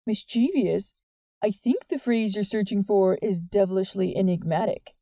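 An earnest, wordy teenage boy speaking softly and sincerely, read by a woman. The tone is very dark and mellow, with no hint of brightness. It sounds close and dry, like a storybook reading. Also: mid-range voice, moderate pace, dry recording, lightly acted. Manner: soft, plain and sincere.

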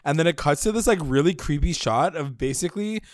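A man's voice: a little high, brisk, no echo. Chatty man recapping a show, dry sound. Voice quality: animated, swears freely, acts out lines when retelling. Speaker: podcast co-host recapping a show. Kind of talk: casual chat.

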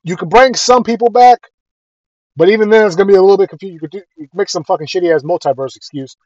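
High-voiced man ranting bluntly. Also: quick pace, a little mellow, no room sound, highs cut off. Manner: blunt, profane, heated opinions. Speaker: video creator. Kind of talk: casual rant to camera.

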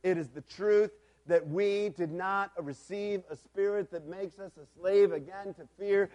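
Telling stories in his sermon, a man with a high voice alternates quiet reflection with loud, forceful preaching. He speaks a little slowly, with hardly any pauses.

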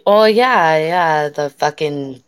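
A woman's voice: low voice, slow pace, smooth, no room sound. A woman in her thirties casually chatting as a podcast co-host, swearing freely while telling stories. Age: 30s. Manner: profane, storytelling with laughs. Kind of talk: casual chat.

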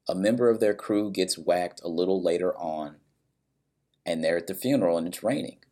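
In a low-pitched, slightly mellow voice, a man casually recaps a story and its characters. He's blunt and swears a bit, briefly acting out the lines of people in it.

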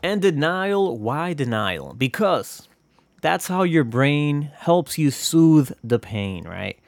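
A man's voice: a little high, big pitch swings, takes it slowly, creaky, no room sound. A man hosting a casual solo podcast, rambling and profane, joking at his own expense. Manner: rambling, profane, self-deprecating. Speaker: podcast host.

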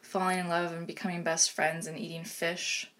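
Chatty woman with a lowish voice. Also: level tone, moderate pace. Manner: enthusiastic, chatty, drifts into soft asides. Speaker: podcast co-host. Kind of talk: casual chat.

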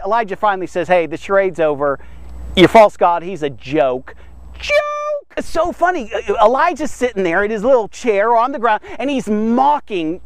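An animated man preaching a Bible story on a devotional podcast, with a notably high-pitched voice. He talks excitably and keeps checking in with his listeners. The sound is dry and close, with no room echo.

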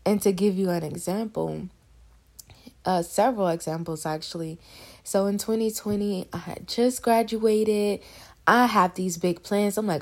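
Young woman with a low gravelly voice, chatty faith talk, kinda teary. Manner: emotional, on the verge of tears; conversational, addresses listeners as y'all. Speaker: podcast host sharing faith testimony. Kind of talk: casual devotional talk.

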